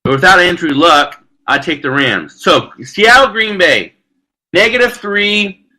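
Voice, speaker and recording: A man's voice: a little high, pushed and bright, poor audio. A man hosting a live sports betting show, talking brashly and loosely while reading out viewer comments. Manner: brash, loose and chatty, with frequent "freaking" and crude jokes. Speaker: sports talk show host.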